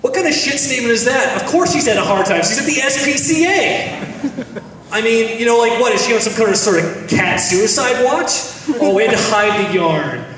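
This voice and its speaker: A male stand-up comic with a high, slightly bright voice performs a set at a charity event, telling stories, acting out dialogue, and breaking into laughter. He was taped from far off in an echoey audience hall, with a little hiss or hum.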